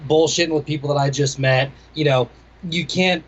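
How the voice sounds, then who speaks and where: Man, young adult, DJ guest, casual rambling chat, frequent swearing, slightly high pitch, muffled audio. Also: fairly even intonation, normal speed. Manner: laid-back, swears freely, rambling. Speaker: DJ and music producer, guest.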